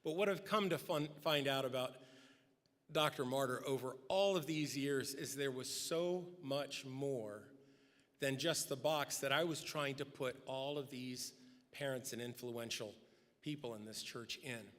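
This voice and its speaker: At a podium mic in a spacious church sanctuary, a middle-aged man shares personal stories in a eulogy, raising his pitch as he acts out quotes. His pace is measured and his tone a bit bright, with long hall reverb.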